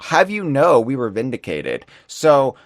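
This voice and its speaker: A man's voice: medium pitch, wildly swooping pitch, no echo, studio quality. Playful, rambling male podcast host. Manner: playful, rambling, quick asides. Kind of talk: casual live-stream podcast chat.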